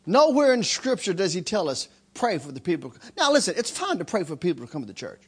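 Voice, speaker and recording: A man preaching a sermon in a church, telling stories with animated delivery. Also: sits high, fast, breathy edge. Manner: animated, acts out shouting in stories. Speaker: guest preacher. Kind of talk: sermon with storytelling. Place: church sanctuary.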